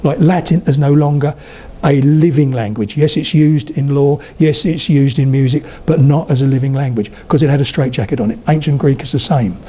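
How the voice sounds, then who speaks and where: Older man giving a lively lecture. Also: medium pitch, fairly quick. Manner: chatty storyteller, slips into accent demonstrations. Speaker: guest speaker on spoken English. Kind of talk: public lecture.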